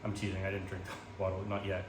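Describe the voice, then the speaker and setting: Deep-voiced and monotone, a man talks quickly while cooking at home for a casual vlog, rambling with many ums and self-deprecating jokes. He's filmed on a phone camera in portrait mode in his kitchen. Echo and background noise mark the recording.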